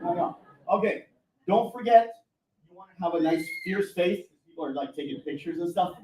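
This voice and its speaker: A man's voice: sits high, expressive, moderate pace, mellow. Upbeat male drum teacher in an echoey room. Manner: upbeat, encouraging, self-deprecating jokes. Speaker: taiko instructor. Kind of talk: leading a live audience drumming workshop. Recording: echoey room from far off, faint music.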